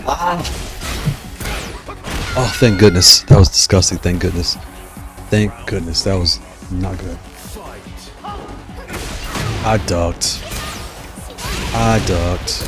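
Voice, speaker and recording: A man's voice: low voice, unhurried, pauses often, music in the background. A tired man streaming a fighting game and chatting as he reacts aloud to each round. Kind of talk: live gameplay commentary.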